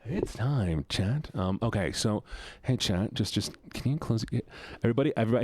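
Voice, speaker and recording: A man's voice: mid-range voice, very animated, moderate pace, no room sound. A man streaming a game live, chatting casually with his chat, joking and laughing often, at a desk mic at home.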